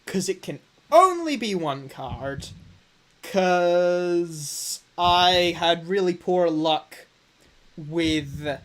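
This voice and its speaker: A man's voice: sits high, lively intonation, extremely slow. A young man streaming a game, thinking aloud to his chat and bragging playfully about his runs. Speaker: gaming streamer. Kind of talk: live game commentary to chat.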